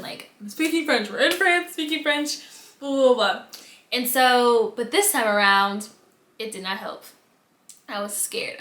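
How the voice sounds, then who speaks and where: A woman from the United States telling embarrassing stories in a casual storytime vlog, acting out her own reactions with big swings in voice. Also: fairly high pitch. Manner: animated storytelling with dramatic replayed reactions. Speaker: vlogger. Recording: echoey room.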